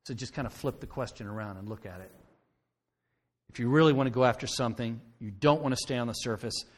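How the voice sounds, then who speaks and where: A male pastor delivers a sermon in a conversational way, pausing often to check in with the congregation. His voice sits at an ordinary middle pitch. The sound carries a long reverb from the church hall. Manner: conversational preaching, frequent "okay?" check-ins. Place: church sanctuary.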